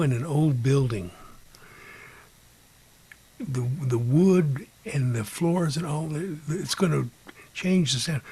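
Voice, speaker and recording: Male storyteller, husky voice, unhurried personal ghost tale with hushed asides and mimicked beeps. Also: medium pitch. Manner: unhurried, mimics beeping sounds; drops to a hushed whisper at times.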